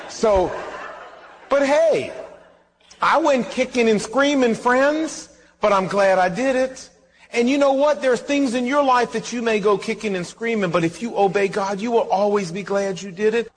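A man's voice: high-pitched, normal speed, a little hiss or hum. A male pastor, preaching a sermon and acting out the dialogue of his stories with animation. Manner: animated storytelling, acts out dialogue. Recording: reverberant hall.

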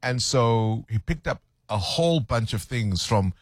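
A man hosting a radio chat, teasing and quick to laugh. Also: mid-range voice, expressive, dry recording, studio quality. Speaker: radio host. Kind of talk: casual radio talk.

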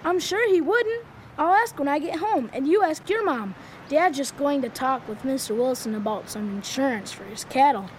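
A woman's voice: sits high, expressive, moderate pace, a little hiss or hum. A woman voicing an honest, cautious schoolboy in a children's radio drama, earnest and a bit hesitant.

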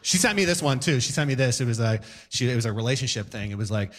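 A man doing a stand-up set on stage before a live audience, animated, breaking into shouted voices and sound effects. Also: medium pitch, fast talker. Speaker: stand-up comedian.

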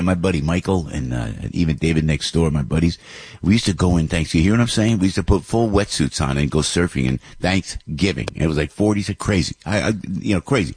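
A man tells a sentimental, rambling story from the host's chair. His voice sits low and is a bit husky. It is recorded close and dry. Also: darkish tone, no room sound. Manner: rambling, emotional, many restarts. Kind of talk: casual storytelling monologue.

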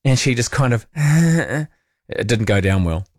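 A man's voice: medium pitch, lively intonation, takes it slowly, no echo. NZ-accented male radio host, casual rambling chat, dry booth. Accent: New Zealand. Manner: chatty, reads texts aloud, rambling asides. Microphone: studio mic.

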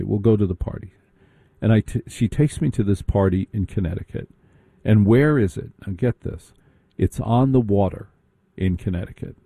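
A man telling a comic story about the past in a sarcastic, animated and mocking way. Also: on the low side, no echo.

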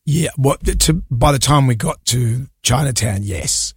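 A middle-aged Australian man co-hosting a radio show, spinning a rambling anecdote in casual banter. His voice is gravelly and a little husky, pitched slightly high for a man. The sound is close and dry. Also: unhurried, dry recording. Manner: rambling anecdotal storytelling with laughs. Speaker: radio co-host.

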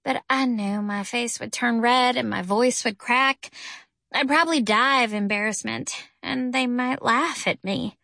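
Bright-voiced woman reading a story. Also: fairly high pitch, measured pace, vocal fry, no echo, clean studio sound. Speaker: audiobook narrator. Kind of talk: first-person story narration.

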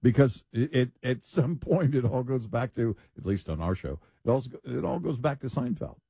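Male co-host: wry, easygoing and agreeable, with a mellow, husky voice. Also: mid-range voice, animated, moderate pace, no room sound, clean studio sound. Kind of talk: casual political chat.

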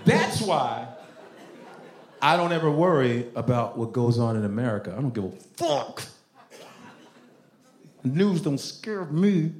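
A male stand-up comedian on a club stage, delivering a loud, animated, profane set. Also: mid-range voice, normal speed. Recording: roomy club with crowd laughter and noise.

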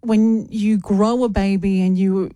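A woman's voice: mid-range voice, fairly even intonation, measured pace, mellow, no room sound, clean studio sound. A woman in her thirties hosting breakfast radio, chatty and emotional, laughing often. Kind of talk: casual studio banter.

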